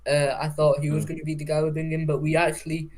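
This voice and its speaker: Young english guy on a fan stream, rambly, swears a bit, kinda higher voice. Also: monotone, quick pace, darkish tone. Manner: rambling, reads out chat names, swears casually. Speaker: football podcast co-host. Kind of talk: casual live-stream chat.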